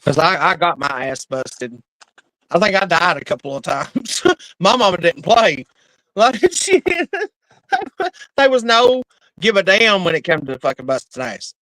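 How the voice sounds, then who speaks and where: A middle-aged woman telling stories in casual chat, animated and laughing, with plenty of cursing. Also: on the low side, measured pace, no echo, rough recording. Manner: animated, laughing, profane storyteller.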